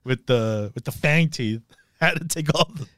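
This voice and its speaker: Heavy background noise sits behind a man speaking at medium pitch and normal speed. He co-hosts a podcast recapping anime in casual conversation, laughing a lot and voicing lines from the characters.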